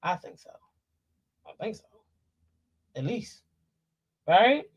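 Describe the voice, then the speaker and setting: Woman ranting loud and profane. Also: medium pitch, big pitch swings, slow, slightly rough, muffled recording. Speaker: commentary vlogger. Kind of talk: ranting commentary.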